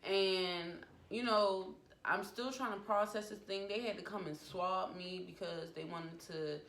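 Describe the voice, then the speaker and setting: A woman's voice: lowish voice, steady tone, unhurried, a bit bright. A woman in her twenties telling a personal story at home in a vlog, talking it through with feeling and acting out the quotes. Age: 20s. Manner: emotional retelling with acted-out quotes. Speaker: vlogger. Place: home room. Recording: echoey room with faint background noise. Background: family noise from downstairs.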